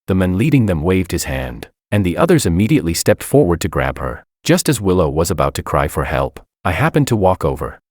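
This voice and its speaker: A man's voice: deep voice, very animated, a little fast, few pauses, darkish tone, dry recording, studio quality. A man narrating a dramatic story in the first person, in an earnest, heartbroken manner.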